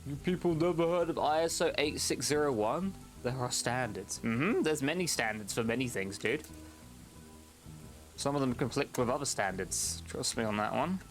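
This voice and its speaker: A man's voice: medium pitch, animated, normal speed, soft background music. A young man casually commenting on a game during a live stream, exasperated with the characters, swearing and laughing often.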